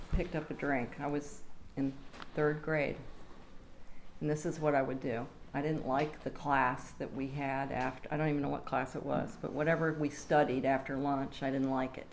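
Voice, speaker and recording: A woman's voice: low-pitched, slight background noise. A woman sharing a wry, self-deprecating story in a recovery group. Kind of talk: candid personal sharing.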